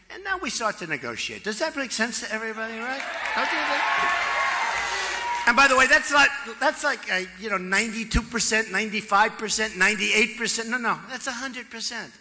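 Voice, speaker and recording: A man's voice: sits high, sharp tone. Man in his 60s at a campaign rally, big hall echo rolling after every line, keeps repeating himself. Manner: boastful and repetitive, with chatty asides to the crowd. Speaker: political candidate. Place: large rally venue. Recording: long reverb of a large hall.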